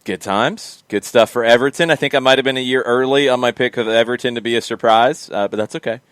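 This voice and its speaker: A man's voice: medium pitch, quick pace, a bit bright, clean tone, dry recording. A man hosting a sports podcast, talking casually through match results and thinking aloud with frequent ums. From United States. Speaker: podcast host.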